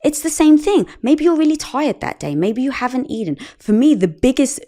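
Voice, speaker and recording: Animated woman telling a story. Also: high voice, moderate pace. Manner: animated storytelling, acts out quoted dialogue. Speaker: podcast guest. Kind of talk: conversational interview.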